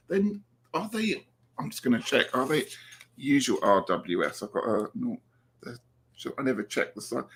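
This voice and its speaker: A man's voice: mid-range voice, sharp tone, breathy edge. A man hosting a casual interview, speaking in an enthusiastic, effusive way. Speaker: host.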